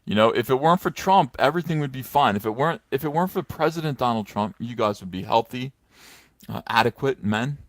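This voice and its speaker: He talks fast with lively intonation, his pitch in the medium range, and the sound is studio quality without any room sound. As a middle-aged comics commentator in a casual vlog filmed on a stand-mounted phone, he offers rambling, filler-heavy commentary that's sarcastic and mocking.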